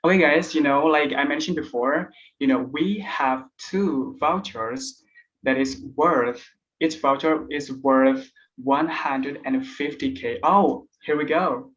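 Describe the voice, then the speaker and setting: A man's voice: fairly high pitch, slow pace, a bit bright. Man hosting an online class. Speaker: moderator. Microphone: video call. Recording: dull online call audio.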